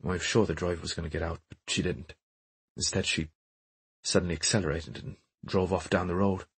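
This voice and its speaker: A man's voice: low voice, fairly even intonation, a little fast, breathy edge, no room sound, full character voice. A man voicing a serious Irish nanny in her thirties, telling her story earnestly. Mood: recounting.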